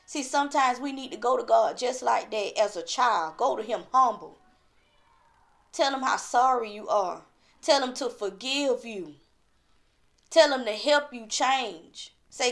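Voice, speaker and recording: A woman's voice: fairly high pitch, unhurried, gravelly. A woman delivering an impassioned, pleading sermon in colloquial speech. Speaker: preacher.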